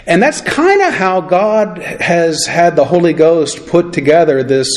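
A man preaching a relaxed, conversational sermon, with many fillers, and slowing down as he reads scripture. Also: fairly high pitch.

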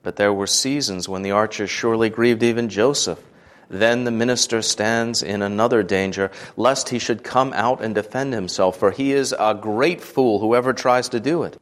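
Earnest man reading a devotional. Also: fairly low pitch. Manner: measured and earnest, lifting the voice for quoted speech. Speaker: devotional reader.

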